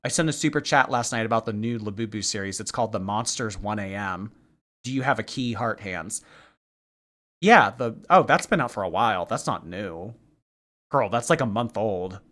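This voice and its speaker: A man hosting a livestream, reading viewer messages aloud and answering with quick snarky reactions. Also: mid-range voice, animated, a bit bright. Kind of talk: casual livestream chat.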